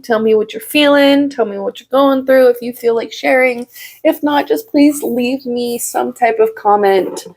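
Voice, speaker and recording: A woman in her own room giving a casual, heartfelt channeled message to her viewers as a tarot reader, with lots of fillers and soft giggles. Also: high-pitched, moderate pace.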